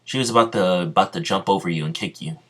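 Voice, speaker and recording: A man's voice: low voice, fast, a bit bright. A man voicing an arrogant ancient ninja warlord who speaks bluntly and gives commands and threats, in a fan-made spoken story. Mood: stern.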